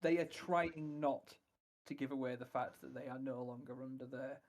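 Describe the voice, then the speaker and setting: A man's voice: medium pitch, fairly even intonation, normal speed, darkish tone. A man narrating as dungeon master in a tabletop game, hesitant and full of "kind of" and "um".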